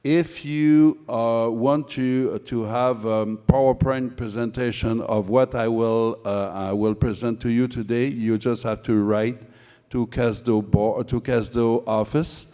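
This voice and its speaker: Conference speaker, male, French Canadian accent, French first language, hesitant and joking, mid-pitched, hall reverb. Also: steady tone, dark tone, smooth. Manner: halting, joking, many uh fillers. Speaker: conference speaker, board chair. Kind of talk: conference presentation. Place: large conference room.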